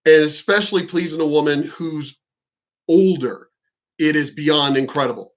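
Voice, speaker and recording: Blunt, profane man with a high voice. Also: normal speed, rough recording. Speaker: commentator reacting to clips. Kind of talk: casual reaction commentary.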